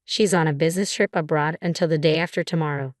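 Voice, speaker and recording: Evasive cheating husband, read by a woman in a low, dry voice, storybook drama. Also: steady tone, fast, no echo, close to an everyday voice. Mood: casual. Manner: casual, then defensive and stammering. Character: cheating husband, evasive, nervous grown man.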